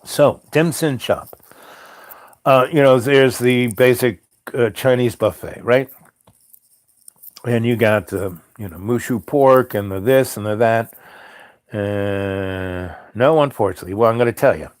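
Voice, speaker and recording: A man's voice: mid-range voice, a little slow, no room sound. A middle-aged man telling a long personal story in a rambling, conversational way, full of ums and you-knows. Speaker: storyteller host. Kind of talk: rambling spoken-word storytelling.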